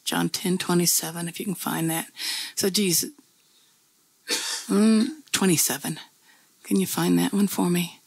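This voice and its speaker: A woman's voice: on the low side, steady tone, unhurried, creaky, pauses often, a little mellow, breathy edge, no room sound. A woman pastor preaching a sermon in a conversational, folksy storytelling way, with repeated phrases.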